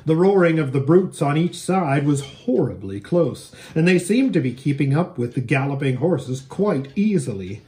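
A man, a pastor, reading a children's book aloud in an expressive, animated storytelling manner. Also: a little high, moderate pace, few pauses.

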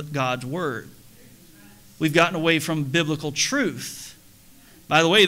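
A middle-aged man preaching from the pulpit, his voice sitting a little high with a bright, forceful edge. He keeps it conversational, throwing questions and jokes to the congregation. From United States. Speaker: pastor. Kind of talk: sermon. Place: church sanctuary.

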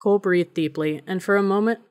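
A woman narrating an audiobook in a measured, even reading voice. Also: mid-range voice.

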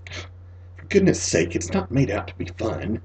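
A man reading the lines of a grieving mother in a quiet, flat, low voice. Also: a little slow, breathy edge, heavily acted. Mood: hushed, weary. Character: grieving mother, calm and weary woman.

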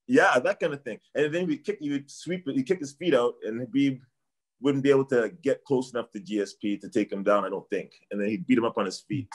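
Fast-talking and mid-range in voice, this middle-aged Canadian martial arts trainer is a guest in a casual sports chat. His speech rambles and repeats, frequently trailing off with "I don't know."

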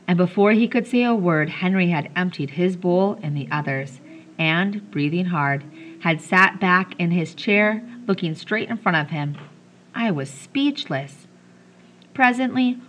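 A woman reads a children's story aloud in a bright, clear voice that sits a little low in pitch. She tells it gently and gives the characters light voices. A faint ambient hiss stays behind her. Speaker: audiobook reader. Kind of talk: reading a children's novel aloud.

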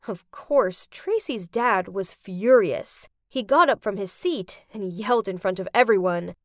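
A young woman giving dramatic scripted narration for an animated story. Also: mid-range voice, measured pace, hardly any pauses, dry recording, clean studio sound.

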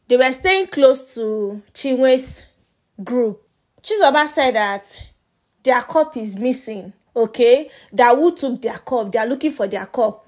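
Young Nigerian woman, gossip vlogger, slightly high voice, lively and laughing, drops Pidgin asides. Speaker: reality show gossip vlogger. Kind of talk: casual gossip recap.

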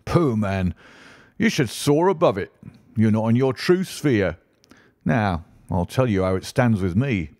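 A man voicing a brisk, flattering middle-aged financial agent who talks in a clipped, persuasive way, in an audiobook. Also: fairly low pitch, no echo, clean studio sound. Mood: eager. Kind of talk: audiobook character reading.

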